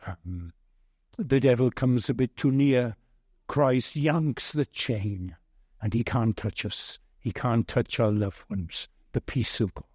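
A man preaching a sermon as pastor, earnest and heavy with repetition and pauses. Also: mid-range voice, a little mellow, husky, no echo, studio quality.

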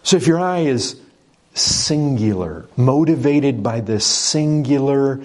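A man's voice: mid-range voice, expressive, slow pace, darkish tone. A middle-aged man preaching a sermon as pastor, emphatic and repetitive, asking rhetorical questions.

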